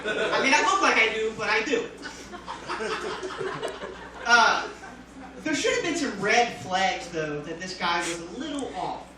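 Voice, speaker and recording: A man performing a casual stand-up comedy set, talking loosely with many fillers and sudden loud jumps, recorded from far off on a phone in a comedy club. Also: high voice, expressive, measured pace, long pauses, heavy reverb, background noise. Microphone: phone filming from the audience.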